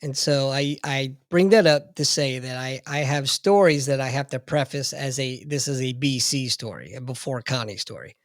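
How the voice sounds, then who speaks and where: A man's voice: medium pitch, normal speed, few pauses, no echo, studio quality. A man in his fifties hosting a podcast, joking and telling stories in a casual chat. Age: 50s. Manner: playful, self-deprecating storyteller.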